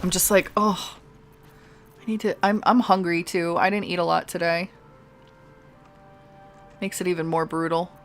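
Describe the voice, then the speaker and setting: A woman's voice: on the low side, steady tone, normal speed, long pauses, faint music behind. A woman streaming a game live, chatting casually and rambling, laughing often. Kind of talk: casual chat over gameplay.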